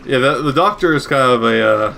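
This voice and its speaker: A man's voice: medium pitch, lively intonation, a little fast, vocal fry, pushed and bright, a little hiss or hum. A man giving casual, rambling gameplay commentary with wry asides and frequent self-corrections. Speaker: gaming commentator.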